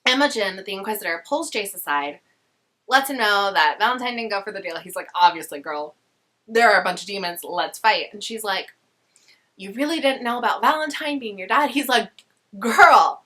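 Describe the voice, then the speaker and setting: A woman's voice: medium pitch, lively intonation, brisk, bright, forceful tone. A young woman casually summarizing a novel in a chatty, sarcastic way with slangy asides. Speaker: book vlogger.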